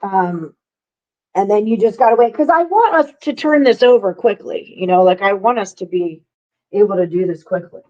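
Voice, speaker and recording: A woman's voice: medium pitch, lively intonation, normal speed, dark tone, lo-fi sound. A woman hosting a live sports-betting stream, chatting loosely with viewers and co-hosts. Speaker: sports betting show host. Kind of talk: casual live-stream chat.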